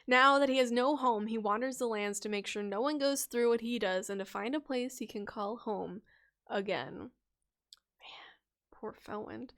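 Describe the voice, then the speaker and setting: A woman's voice: medium pitch, fairly bright tone. A woman hosting a casual livestream, reading viewers' character stories aloud in a chatty, playful way. She laughs often, stumbles over her reading and corrects herself.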